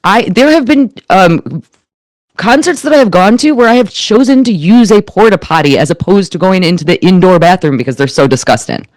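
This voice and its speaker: A woman's voice: lowish voice, expressive, fairly quick, darkish tone, dry recording. A woman guest in a casual metal chat, talking with enthusiasm and emphasis.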